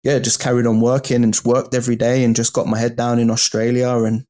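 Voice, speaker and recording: Animated man telling a story. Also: medium pitch, quick pace. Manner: animated, swearing, addresses the host as bro and mate. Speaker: guest. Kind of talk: casual storytelling.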